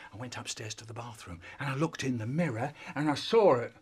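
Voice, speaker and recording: A man telling a comic story in an animated, theatrical way. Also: mid-range voice, brisk, few pauses, breathy edge.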